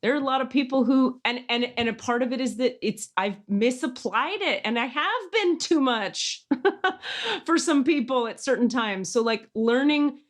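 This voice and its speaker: A podcast host tells stories in casual chat, intense and emphatic, acting out quoted voices. Her voice sits high and is expressive, at a moderate pace.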